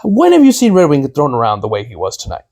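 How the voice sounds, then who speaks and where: Male co-host, gravelly voice, laid-back fan chat with fillers. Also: mid-range voice, wildly swooping pitch, fast, a little mellow. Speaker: wrestling podcast co-host. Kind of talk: casual chat.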